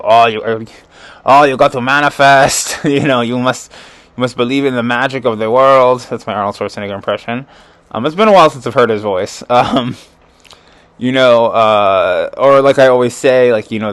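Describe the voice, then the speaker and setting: A man's voice: medium pitch, clear, resonant tone, dry recording. A man giving a casual astrology chart reading as a tarot reader. He rambles, fills his talk with "like" and "um", and adds chuckling asides.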